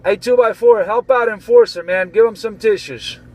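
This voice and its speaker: Casting: high-pitched man, CB radio joker in his vehicle, teasing and repetitive. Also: moderate pace, noisy background. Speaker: trucker on CB radio. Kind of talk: casual CB radio banter.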